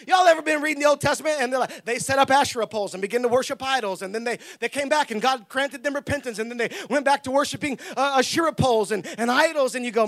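A man preaching a lively sermon with humor, laughing often, shouting for emphasis and acting out the people in his stories. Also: extremely high pitch, fast. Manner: acts out quoted voices.

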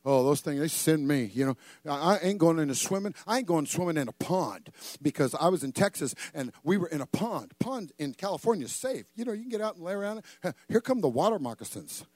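Older man preaching with loud bursts. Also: on the high side, fairly quick, no echo. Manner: animated, joking, acts out voices with sudden loud bursts. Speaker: pastor. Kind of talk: sermon.

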